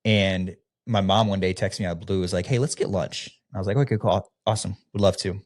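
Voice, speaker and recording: A man with a deep, low voice tells his own story on a podcast. He is a former youth pastor from the American Midwest. He speaks in a loose, candid way, with plenty of fillers, and he acts out the dialogue he is remembering. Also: fast talker. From Midwestern United States. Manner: casual, relaxed, with frequent fillers, often acting out quoted dialogue.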